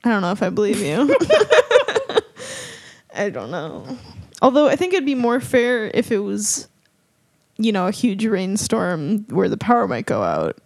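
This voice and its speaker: A woman's voice: medium pitch, huge pitch swings, a little slow, no echo, studio quality. A young woman hosting a podcast in casual, playful chat, giggling often. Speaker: podcast host.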